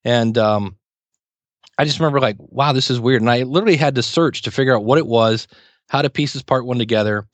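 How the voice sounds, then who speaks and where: A middle-aged man, a podcasting teacher, chatting as an interview guest and telling lively anecdotes with acted-out quotes. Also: mid-range voice, no echo. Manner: chatty storyteller, acts out quoted exchanges. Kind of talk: casual interview talk.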